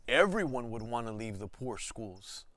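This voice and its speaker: A man's voice: medium pitch, sing-song, moderate pace, a bit bright, no echo. A man reading as a stern school superintendent. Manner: stern, condescending.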